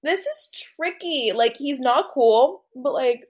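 Woman, casual chat partner, a touch high-pitched, loose and giggly delivery. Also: animated, slow, a little mellow. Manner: chatty, hedging with "like", giggly. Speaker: co-host.

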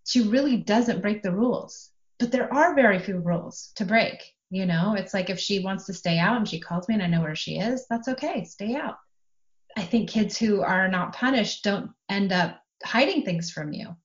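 A woman in her forties talks through parenting ideas in a steady, explanatory way, slipping into little acted-out quotes. Her voice sits in a middle range. The audio is a bit dull and lo-fi. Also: mid-range voice, normal speed. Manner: calm, explanatory, acts out quoted dialogue. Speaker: parenting guest. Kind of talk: podcast conversation.

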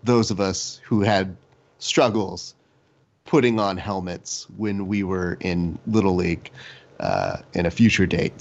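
Joking podcast co-host, lo-fi sound. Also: male voice, sits low, vocal fry. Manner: joking, rambling storyteller. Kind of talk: casual chat.

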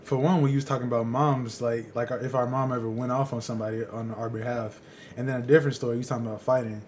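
A man's voice: medium pitch, fairly even intonation, quick pace, a little mellow, slight background noise. A young man co-hosting a casual podcast, talking in a laid-back way. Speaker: podcast co-host. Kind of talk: casual chat.

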